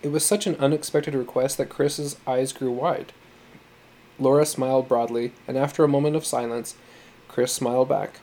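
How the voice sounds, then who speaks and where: Mellow-voiced man reading a story. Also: mid-range voice, steady tone, normal speed. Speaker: audiobook narrator.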